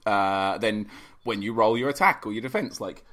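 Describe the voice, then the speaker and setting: Male podcast guest, low voice, easygoing rambling banter. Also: normal speed, a bit bright. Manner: rambling, self-deprecating, jokey. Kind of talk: casual chat.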